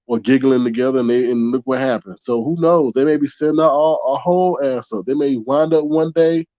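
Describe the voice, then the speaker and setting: A man's voice: medium pitch, a little fast, dark tone, dry recording, dull audio. Blunt man hosting a livestream. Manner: blunt, swearing, chatty. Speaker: livestream commentary host. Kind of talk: casual livestream commentary.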